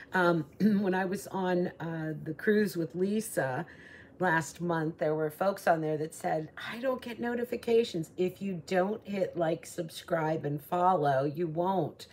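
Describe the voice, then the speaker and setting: A woman's voice: deep voice, a little mellow, husky. A woman hosting her own jewelry show, talking in a chatty, gushing way with many fillers. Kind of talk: casual jewelry showcase talk.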